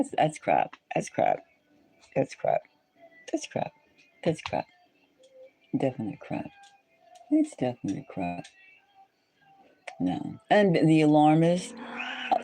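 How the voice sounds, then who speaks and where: A woman's voice: on the low side, dark tone, a little hiss or hum. A woman hosting a live stream, chatting casually with viewers in a rambling way and repeating phrases over and over.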